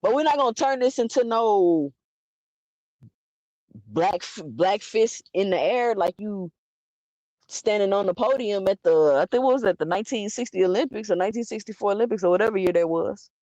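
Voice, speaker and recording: Speaking at a middle pitch, this woman offers forceful, opinionated takes on boxing, packed with rhetorical questions and rapid restarts in an animated style. The sound is dull, dry and lo-fi.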